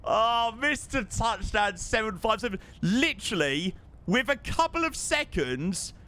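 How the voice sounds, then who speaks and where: Bright, lively man streaming live. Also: sits high, a little slow. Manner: effusive, excitable, repeats thanks over and over. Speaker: livestreamer. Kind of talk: live stream chat over a flight simulator.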